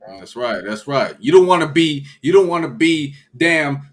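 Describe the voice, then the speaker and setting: A man's voice: on the high side, animated, normal speed. Laid-back man chatting about scripture. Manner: laid-back, slangy, restarts often. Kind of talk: casual scripture discussion on a livestream.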